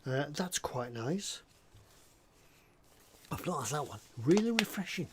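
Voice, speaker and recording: Chatty, slightly high-voiced man. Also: sing-song, measured pace, noisy background. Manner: rambling and jokey, drifts off topic. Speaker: scale model builder. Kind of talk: casual chat while working on a model. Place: hobby workbench indoors.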